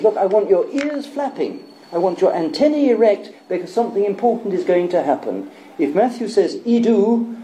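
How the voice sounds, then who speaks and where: A man's voice: on the high side, mellow, reverberant, a little hiss or hum, poor audio. A man giving a talk on Bible translation, wry and self-deprecating, thinking aloud as he goes. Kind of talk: public lecture to an audience.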